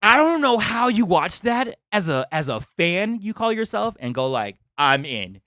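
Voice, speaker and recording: A young man hosts a live-stream reaction, excitable and full of exclamations and laughter. His voice sits a little high and is bright and forceful, with lively swings in pitch. The sound is dry and close, recorded at a desk mic. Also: normal speed, dry recording.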